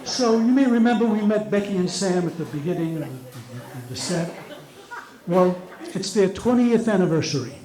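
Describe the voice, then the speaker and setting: Lively middle-aged man telling stand-up jokes. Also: a little high. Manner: animated storyteller. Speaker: stand-up comedian. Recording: roomy echo.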